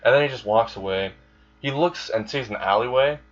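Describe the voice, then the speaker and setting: A man's voice: mid-range voice, a little fast, soft background music. A young man casually improvising a fan story, rambling, swearing and correcting himself as he goes. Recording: dull lo-fi recording.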